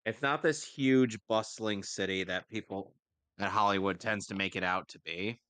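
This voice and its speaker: A man's voice: fairly low pitch, moderate pace, pushed and bright, no room sound. A man co-hosting a podcast, explaining points and making wry remarks while watching a movie. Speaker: podcast co-host. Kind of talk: casual movie-riffing chat.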